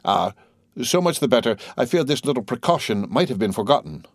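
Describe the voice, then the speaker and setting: A man's voice: medium pitch, sing-song, a little fast, dry recording, clean studio sound, pitched above the performer's own voice. A man reading the part of a timid, fawning old Italian ex-major in an audiobook, with a hesitant, eager manner. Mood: eager, anxious.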